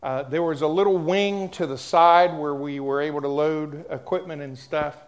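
A man preaching a sermon, telling a personal story and talking straight to the congregation, dropping to a hush at times and rising loud at others. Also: on the high side, steady tone, moderate pace. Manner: storytelling, swings from hushed to loud; addresses the congregation directly.

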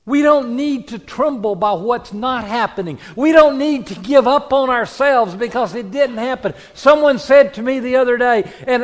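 A man preaching a sermon as a pastor, telling a story with hushed quiet passages and rising emphatic peaks. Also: very high voice. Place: church sanctuary. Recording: long hall reverb.

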